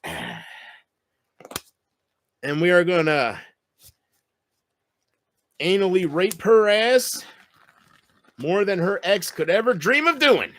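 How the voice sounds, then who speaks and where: A man vlogging a bitter, taunting rant straight to camera, swinging from loud outbursts to low mutters. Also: wildly swooping pitch, slow pace, pauses often, no echo. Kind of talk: ranting monologue to camera.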